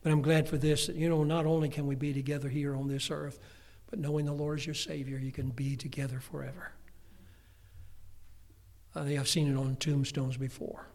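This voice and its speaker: A slightly high-voiced older man preaches briskly from the pulpit as pastor. He tells family stories with lively energy and humorous asides, and the sound has a long hall reverb.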